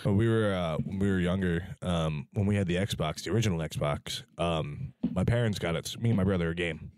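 A young man telling a childhood story in a relaxed chat, pausing on "um" as he goes. His voice is fairly low, and the recording is close and dry. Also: smooth, no echo. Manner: storytelling with hesitant "um"s. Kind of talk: casual chat.

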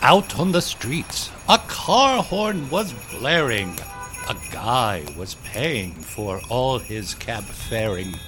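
A man's voice: mid-range voice, very animated, slow, music in the background. A man hosting the show, reciting a rhyming holiday poem in a theatrical, sing-song way.

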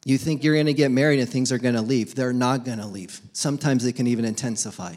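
A man's voice: medium pitch, quick pace, darkish tone. A young adult man preaching a casual, humorous sermon as pastor, acting out little back-and-forth dialogues between people and God.

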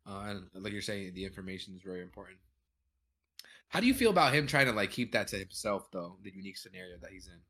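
A man's voice: low voice, big pitch swings, quick pace, sharp tone. A man co-hosting a podcast in casual chat, laid-back and tired, talking in gamer slang and swearing casually. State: yawning, tired. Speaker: podcast co-host.

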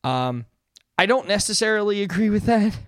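A man's voice: high voice, lively intonation, normal speed, clear, resonant tone, no room sound, studio quality. A man in his thirties hosting a casual solo podcast, talking earnestly in a rambling way with many fillers and restarts. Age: 30s. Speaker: podcast host.

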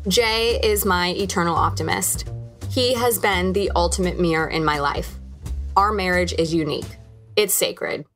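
A woman's voice: lowish voice, normal speed, fairly bright tone, soft background music. A woman in her thirties, hosting a podcast, telling a candid, reflective personal story. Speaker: podcast host.

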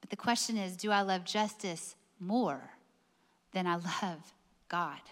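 A woman's voice: lowish voice, takes it slowly, fairly bright tone, in a large hall. A woman preaching a sermon, emphatic and full of rhetorical questions.

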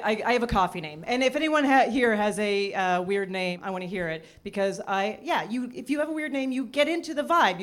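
A woman doing a stand-up comedy set, chatty and self-mocking, acting out the voices she quotes. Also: fairly high pitch. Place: comedy stage before a live audience. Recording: live club crowd laughing. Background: audience laughter.

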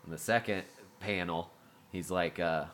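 A man co-hosting a podcast in casual chat, telling stories with lots of swearing and sudden bursts of excitement. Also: sits low, a little slow, slight background noise. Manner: excitable, profane storyteller. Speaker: podcast co-host.

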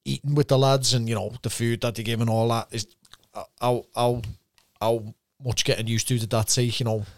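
A man's voice: medium pitch, flat delivery, brisk, hardly any pauses, dry recording, studio quality. Jokey male interviewer. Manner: jokey, teasing asides. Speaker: podcast host. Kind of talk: casual interview.

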